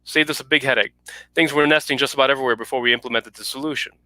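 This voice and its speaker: A man's voice: mid-range voice, fairly even intonation, very fast, pushed and bright, no echo, poor audio. A man voicing an earnest government official in a story reading, polite and businesslike.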